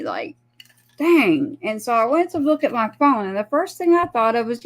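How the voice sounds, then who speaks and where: A woman's voice: fairly high pitch, moderate pace. A woman, a guest on a talk show, telling a personal story in casual chat and acting out the voices of the people in it. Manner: animated, acts out quoted dialogue.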